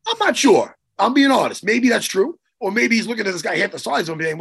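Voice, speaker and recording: A man co-hosting a chat show, telling a story in an excitable, profane way with lots of restarts. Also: sits high, fast talker, vocal fry, breathy edge. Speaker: podcast co-host and martial arts coach. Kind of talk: casual chat, animated storytelling.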